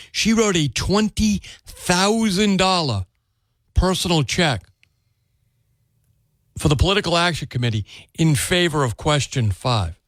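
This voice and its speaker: A man's voice: a little high, fairly bright tone, no echo. A man hosting a call-in radio talk show, chatting casually and often restarting words. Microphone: studio microphone.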